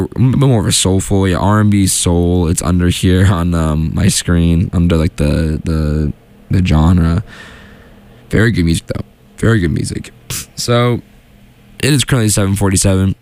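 A young man hosts a solo show from a small studio, rambling casually with plenty of fillers and restarts. His voice is low-pitched and a little mellow, with no echo.

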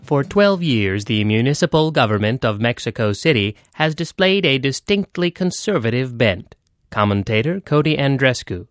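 A man reads station announcements in a smooth, formal announcer's manner. The recording is dry and close. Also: mid-range voice, animated, moderate pace, no room sound, soft background music. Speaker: radio announcer.

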